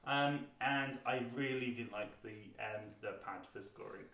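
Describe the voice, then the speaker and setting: A British man in his thirties co-hosting a board game review, talking casually with frequent pauses and fillers. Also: medium pitch, gravelly, sharp tone. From Britain. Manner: chatty, hesitant, lots of ums. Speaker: board game channel co-host. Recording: roomy sound, mic at a distance.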